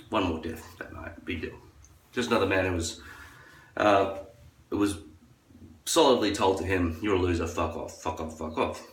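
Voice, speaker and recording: Low-voiced man ranting in an echoey room. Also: slight background noise. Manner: crude, profane ranting; acts out others in a high falsetto. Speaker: vlogger. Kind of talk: rambling monologue. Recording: echoey room, far from the mic.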